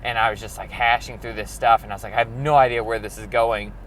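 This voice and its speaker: A man's voice: on the low side, fairly even intonation, fast talker, fairly bright tone, a little hiss or hum. A young man from Arkansas talking about his art in a loose, rambling documentary interview, full of filler words. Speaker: performance artist.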